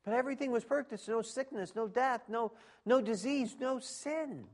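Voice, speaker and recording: Middle-aged male pastor, high voice, emphatic sermon delivery with sudden loud peaks. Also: moderate pace. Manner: emphatic, swings from quiet asides to shouting.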